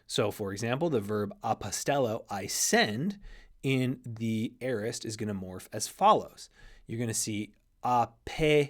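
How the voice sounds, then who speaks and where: A man's voice: fairly low pitch, expressive, fairly bright tone. Man explaining grammar with frequent restarts. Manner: explanatory, restarts often, spells out letters slowly. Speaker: Greek teacher. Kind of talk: recorded grammar lesson.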